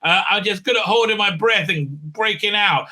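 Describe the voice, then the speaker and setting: A man's voice: high voice, normal speed, sharp tone, pitched above the performer's own voice. A man mocking a smug, silly woman time-traveller.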